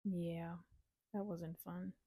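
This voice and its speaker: A woman's voice: lowish voice, little pitch movement, very slow, mellow, husky, dry recording, clean studio sound. A young woman co-hosting a podcast, talking frankly and reflectively in casual chat. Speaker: podcast co-host.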